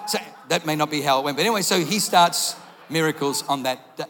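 A man preaching a sermon, telling stories in an animated, jokey way and acting out voices, heard with a long hall reverb. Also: on the high side, brisk.

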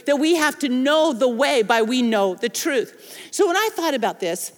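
A woman's voice: sits high, lively intonation, moderate pace, long reverb tail. A woman pastor preaching a sermon, chatty and laughing, mixing personal stories with scripture and playful asides.

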